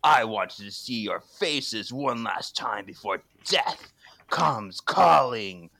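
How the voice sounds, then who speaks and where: A man playing a slow, looming demon. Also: mid-range voice, animated, creaky, bright, forceful tone, no room sound, full character voice. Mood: menacing. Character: glowing-eyed male demon, menacing and grandiose.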